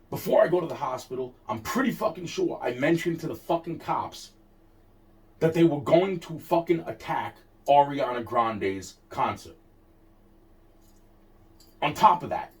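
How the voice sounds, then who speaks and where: Agitated man storyteller, swears constantly, restarts lines, recorded from a distance. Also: a little high. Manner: heated, profane, repeats himself and restarts often. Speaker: interviewee telling a personal story. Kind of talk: casual storytelling rant. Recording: distant mic.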